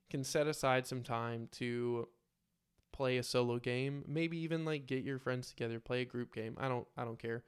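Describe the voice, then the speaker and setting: A man narrating his own solo tabletop game and talking to viewers in a relaxed, filler-filled way. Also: medium pitch, clean tone. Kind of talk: casual solo role-play narration.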